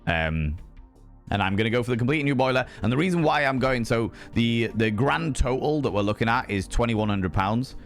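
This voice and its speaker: A young British man streaming, chatting casually with his audience in a rambling, animated way and reading out chat messages. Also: medium pitch, fairly quick, soft background music. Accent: British English. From United Kingdom. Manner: rambling, animated, swears freely, reads chat aloud. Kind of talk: casual chat with chat while gaming.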